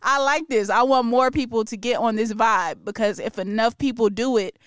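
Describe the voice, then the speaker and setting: A woman's voice: fairly high pitch, steady tone, moderate pace, clean tone, dry recording, studio quality. A woman hosting a podcast, chatting casually and with strong opinions about music news, laughing often. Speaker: podcast host.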